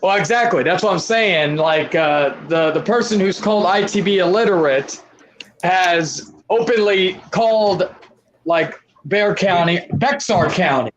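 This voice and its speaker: A man's voice: high-pitched, measured pace, slight background noise, rough recording. A man hosting a casual group chat, emphatic and swearing, restarting mid-sentence.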